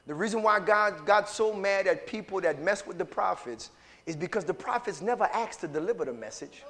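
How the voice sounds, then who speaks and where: A pastor with a notably high-pitched voice, preaching in a call-and-response style. He drops to low murmurs and builds to ringing shouts as he calls on the congregation to answer. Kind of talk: sermon.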